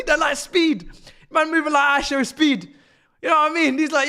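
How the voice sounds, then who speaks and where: A man's voice: very high voice, fairly quick, pushed and bright. A young man, doing live watch-along commentary on a football match as a fan streamer, ranting in exasperation and mocking the play.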